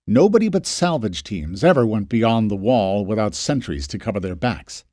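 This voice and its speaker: A man narrating an audiobook in a scripted, expressive reading. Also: fairly low pitch, moderate pace, dry recording, studio quality.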